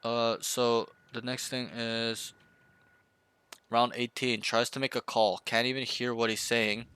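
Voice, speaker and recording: A man's voice: mid-range voice, flat delivery, measured pace, bright, forceful tone, a little hiss or hum. A man coaching a student through a match review, blunt and profane, often acting out team callouts. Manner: blunt, swears freely, acts out callouts. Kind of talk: casual coaching session.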